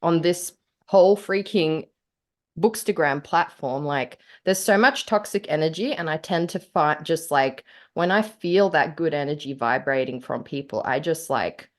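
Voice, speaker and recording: A woman's voice: sits low, a little slow. An Australian woman co-hosting a podcast in casual, playful chat, laughing often. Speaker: podcast co-host.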